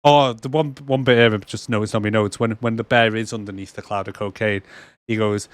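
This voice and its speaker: A man co-hosting a casual podcast, retelling film scenes with swearing and quick quoted voices. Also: lowish voice, fairly even intonation, no room sound. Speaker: podcast co-host. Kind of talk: casual chat.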